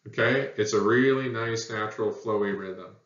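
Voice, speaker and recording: A man's voice: fairly low pitch, moderate pace, fairly bright tone. A man teaching a lesson on poetry meter, explaining plainly with frequent ums and uhs. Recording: roomy, dull lo-fi audio.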